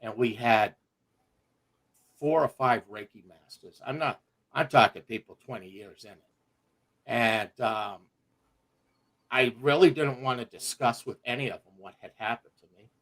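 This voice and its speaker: A middle-aged man telling a personal story on a livestream, animated and profane, laughing as he goes. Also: medium pitch, a little slow, pauses often. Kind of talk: casual storytelling.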